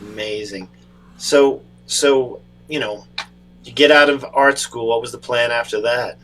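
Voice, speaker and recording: A man's voice: mid-range voice, unhurried, fairly bright tone, a little hiss or hum, low-quality recording. A man hosting a live show, asking easygoing questions in casual chat. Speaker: host.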